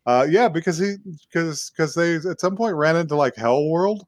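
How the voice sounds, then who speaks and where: A man co-hosting a podcast, casually retelling an anime episode with many fillers and laughs, acting out the characters' lines in quick bursts. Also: a little high, expressive, dry recording, studio quality. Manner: rambling, laughing, acts out quotes. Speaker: podcast co-host. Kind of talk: casual anime recap chat.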